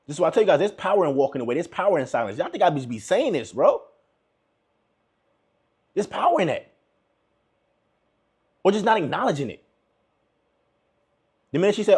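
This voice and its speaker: A man's voice: fairly high pitch, sing-song, normal speed, pauses often, darkish tone, breathy edge. A young man giving relationship advice to viewers in a casual, emphatic monologue, repeating his points and calling listeners bro.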